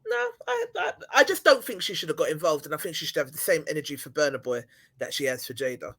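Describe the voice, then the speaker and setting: A woman's voice: low-pitched, sing-song, fast talker, fairly bright tone, slightly rough. A woman co-hosting a podcast, chatting casually and laughing a lot. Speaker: podcast co-host. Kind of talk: casual chat.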